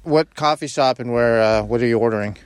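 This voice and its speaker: A man's voice: mid-range voice, fairly quick, clear, resonant tone. A man co-hosting a podcast in casual, playful chat, teasing his friends. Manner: playful, teasing, bursts into song. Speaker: podcast co-host.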